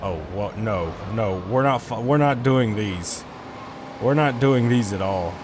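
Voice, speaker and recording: A fairly low-pitched man talks a little slowly, with background noise present. As a gaming streamer, he offers rambling, casual gameplay commentary into a desk mic, swearing when things frustrate him.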